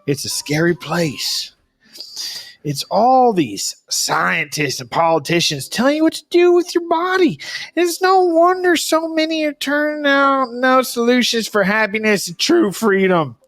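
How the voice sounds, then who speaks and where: A man voicing a bumbling male clown pitchman who stumbles over his lines. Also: a little slow, a bit bright, no room sound, heavily acted. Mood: mock salesy. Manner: fumbling, stumbling over the script.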